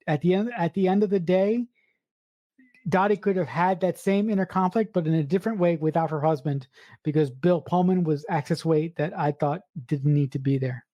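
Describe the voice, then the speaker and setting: A woman's voice: fairly low pitch, moderate pace, warm tone, dry recording, muffled recording. A woman co-hosting a podcast, giving firm opinions about a film in casual chat. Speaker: podcast co-host.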